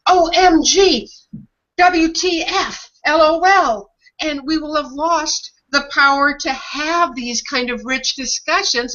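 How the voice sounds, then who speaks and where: A woman co-hosting a casual chat, lively and enthusiastic as she talks about words. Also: on the high side. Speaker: co-host. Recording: muffled lo-fi audio.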